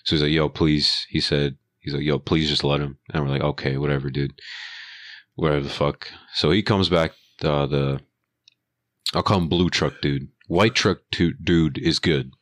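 A young man with a very deep voice rambles through a story about a job site, swearing freely and slipping into the voices of the people in it. The sound is dry and close, with no room around it. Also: moderate pace, no room sound. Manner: profane, slangy, animated retelling with quoted voices. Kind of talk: casual storytelling chat.

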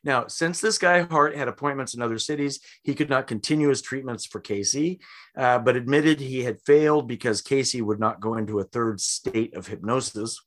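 A man's voice: medium pitch, normal speed. Casual man telling a story. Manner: animated, acts out quotes with big voices. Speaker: podcast host.

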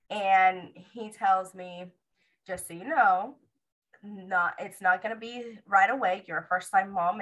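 A woman's voice: medium pitch, poor audio. A young woman casually telling viewers the story of giving birth, acting out what the nurse and doctor said. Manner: animated retelling, acts out quoted dialogue. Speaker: mother sharing her birth story.

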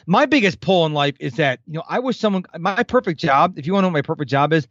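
A man's voice: on the high side, animated, quick pace, a bit bright, no room sound, muffled recording. A man in his fifties, a podcast guest, talking animatedly in a casual interview and acting out the people he quotes. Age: 50s.

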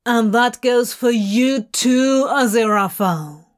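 A woman voicing an irritable, weary male demon with a flat voice that rises into exasperated outbursts, in a fanfiction audiobook reading. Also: a little high, slow. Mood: angry.

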